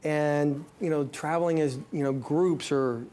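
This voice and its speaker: A man hosting a radio talk show, asking measured questions in a friendly, encouraging way. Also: on the high side, fairly even intonation, mellow.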